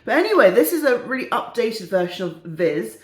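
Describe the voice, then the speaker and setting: A woman's voice: on the high side, big pitch swings, fairly quick, slight background noise. A woman chatting casually and cheekily on her vlog, giggling as she goes. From United Kingdom. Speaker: vlogger, perfume reviewer. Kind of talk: casual chat. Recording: echoey room.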